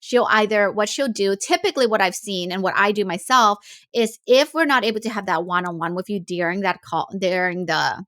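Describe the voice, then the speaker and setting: A woman coach talks her listeners through their feelings in a loose, conversational way. She pauses often, with fillers and restarts as she thinks aloud. Her voice sits at a middle pitch, recorded close and dry with no room sound. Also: fairly bright tone, no echo. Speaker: life coach, podcast host. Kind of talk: casual coaching talk.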